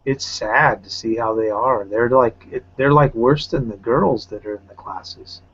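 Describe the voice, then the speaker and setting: A teacher sitting on a round-table panel chats casually on an online video call, telling loose, rambling stories packed with fillers. His medium-pitched voice is a little slow, a bit bright, and slightly rough, and the call audio sounds slightly muffled.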